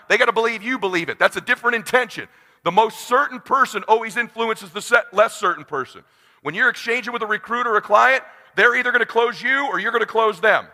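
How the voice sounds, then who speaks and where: A man in his forties giving an intense motivational speech, swinging from hushed talk to shouting. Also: sits high, in a large hall. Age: 40s. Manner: preachy, addresses crowd as brother. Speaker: motivational speaker.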